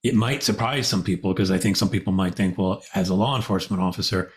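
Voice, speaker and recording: Deep-ish guy hosting a podcast, listens a lot, says mm-hmm, reflective. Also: fast talker. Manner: attentive, frequent short affirmations. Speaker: podcast host. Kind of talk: interviewing.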